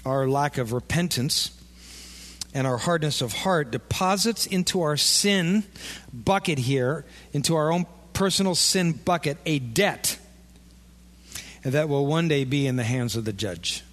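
A man preaching a sermon as pastor, animated and playing out imagined conversations with his listeners. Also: on the high side, measured pace. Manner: animated, acts out imagined dialogue. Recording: long echo of a large hall.

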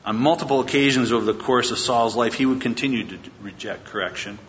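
A male pastor tells a Bible story from the pulpit in a relaxed, conversational way, slipping into the characters' words as he goes. His voice rings with a long reverb in a church hall. The recording is dull and lo-fi, with a faint rumble underneath. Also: quick pace. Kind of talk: sermon.

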